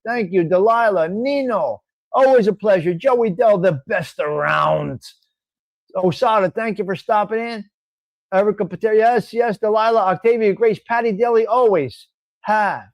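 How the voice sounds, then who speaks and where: Reading out viewer names on his live stream show, a North Jersey host with the local accent is casual, blunt and profane. He has a high voice and speaks at normal speed, with no room sound in the recording.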